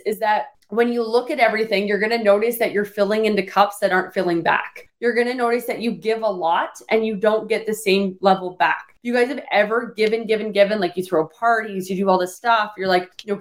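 Woman podcast host, solo monologue, filler-heavy coaching talk, pitched a bit high. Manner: rambling, heavy use of "like" fillers; coaching, direct address to listeners.

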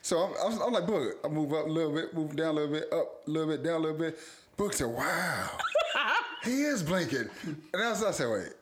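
A young man co-hosts a casual talk show, telling loose stories with lots of swearing and frequent laughter. His voice is fairly high, animated, and fast, with slight background noise.

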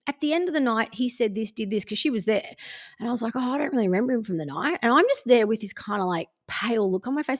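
A woman's voice: on the high side, animated, fast. A woman, hosting a podcast and candidly telling a personal story in casual chat, swearing freely. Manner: candid and sweary, acts out friends' lines. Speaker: podcast host.

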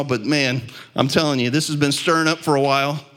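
A man preaching a sermon as pastor, building to impassioned peaks and dropping to quiet, low stretches. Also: fairly even intonation, fairly quick. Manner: impassioned preaching, swelling louder and higher at peaks.

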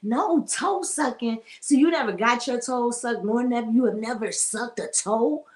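A woman's voice: fairly high pitch, moderate pace, a little mellow. Chatty woman hosting a live podcast. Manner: chatty, greets live viewers by name, laughs often. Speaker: podcast host. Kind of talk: casual live-streamed podcast chat.

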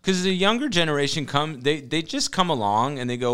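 Bright-voiced man chatting on a podcast. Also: fairly high pitch, lively intonation, a little fast, clean tone. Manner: agreeable, constant "yeah" and "exactly" backing. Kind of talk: casual podcast chat.

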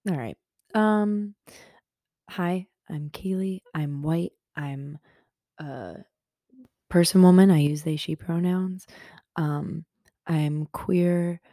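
A young woman hosting a casual solo podcast from her bedroom at home, rambling and self-mocking, often dropping to a hushed whisper. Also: fairly low pitch, slow pace, long pauses, no echo, clean studio sound. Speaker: podcast host.

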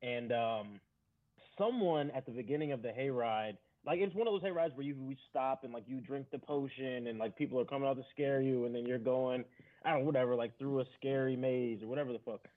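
A man's voice: mid-range voice, fairly quick. Rambling man on a tinny line. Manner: rambling, swears, acts out quotes. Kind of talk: casual storytelling chat. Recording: tinny phone-like sound.

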